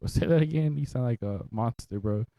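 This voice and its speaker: A man's voice: medium pitch, brisk, mellow, dry recording, highs cut off. Laid-back laughing man, dry close sound. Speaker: podcast co-host. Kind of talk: casual chat.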